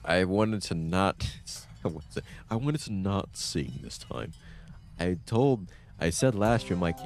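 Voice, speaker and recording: A male streamer giving chatty, animated commentary while playing a game, breaking into laughing rants. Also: low voice, moderate pace, music in the background. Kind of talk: let's-play commentary.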